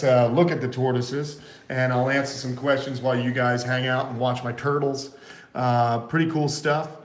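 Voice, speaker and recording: A man with a runny nose chatting loosely on a live vlog about his tortoises and his house, full of "uh" fillers. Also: mid-range voice. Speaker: tortoise breeder and vlogger. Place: at home in Florida, indoors and by the front of his house. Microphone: phone camera, partly in selfie mode.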